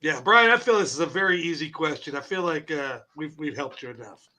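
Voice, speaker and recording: A man's voice: on the high side, lively intonation, a little fast, sharp tone. A man hosting a casual call-in talk show in a brash, laughing, swearing way. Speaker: show host. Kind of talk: casual chat.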